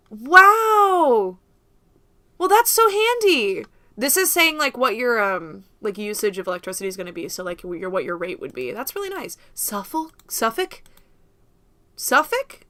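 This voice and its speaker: Bright, chatty young American woman streamer. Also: mid-range voice, dry recording. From United States. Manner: chatty and rambling, laughs often, talks to viewers. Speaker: livestream host. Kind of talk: casual livestream chat.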